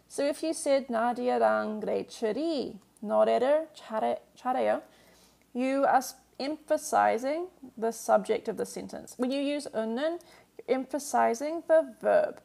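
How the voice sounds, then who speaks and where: Woman teacher with a gravelly voice. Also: high-pitched, darkish tone. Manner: patient explaining with frequent "um" and "like"; answers viewer questions. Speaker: Korean language teacher. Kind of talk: live-streamed language lesson.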